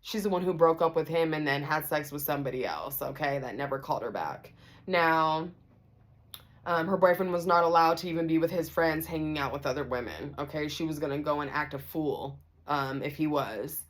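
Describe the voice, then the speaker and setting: A woman vlogger telling a story to the camera, casual and animated, acting out the voices of the people in it. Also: low-pitched, a little fast. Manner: animated, acts out everyone's voices.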